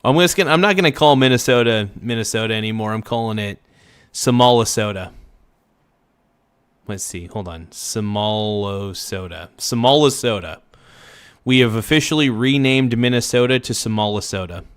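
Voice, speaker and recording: A man's voice: mid-range voice, quick pace, few pauses, clear, resonant tone. A man hosting a casual reaction livestream, rambling loosely and swearing freely. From Oregon.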